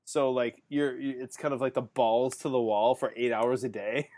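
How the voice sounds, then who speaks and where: A man's voice: mid-range voice, fairly even intonation, normal speed, a little mellow. A male podcast host in casual chat who rambles, fills his talk with "um" and "like", and laughs often. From Canada.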